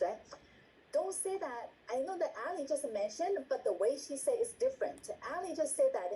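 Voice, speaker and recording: Trainer: woman, dark-toned and repetitive, acts out examples, video-call sound with faint hiss. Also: high-pitched, big pitch swings, moderate pace, long pauses, poor audio. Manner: repeats words, asks "right?" often, acts out example lines. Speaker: meeting trainer. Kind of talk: instructional talk on a video call.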